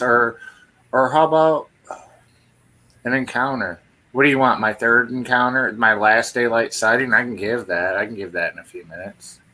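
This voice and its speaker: A man co-hosting a live paranormal stream eagerly tells a story of his own in a casual, chatty way. His medium-pitched voice sounds pushed and bright.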